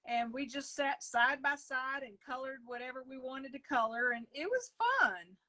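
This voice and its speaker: A woman's voice: sits high, moderate pace, pushed and bright. A woman, a coloring book author, chatting casually over a phone video call and telling stories with plenty of fillers. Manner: rambling storyteller with many fillers.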